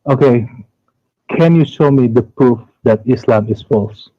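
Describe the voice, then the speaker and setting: Hesitant caller on a dull line. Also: male voice, mid-range voice, measured pace, slightly rough, no echo. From Indonesia. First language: Indonesian. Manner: hesitant, searches for English words. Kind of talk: phoned-in debate. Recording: dull dry phone-call audio.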